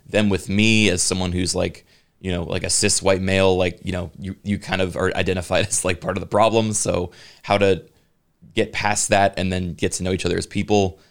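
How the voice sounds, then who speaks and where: A man on a podcast talking in a halting, casual way, full of "like" and "you know". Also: low-pitched, level tone, gravelly. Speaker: podcast co-host. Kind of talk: casual chat.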